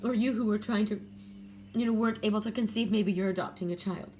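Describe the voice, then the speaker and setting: A woman's voice: medium pitch, steady tone, fast talker, darkish tone, a little hiss or hum. An older woman giving a casual spoken oracle card reading, earnest and spiritual, talking straight to viewers with frequent restarts and self-corrections.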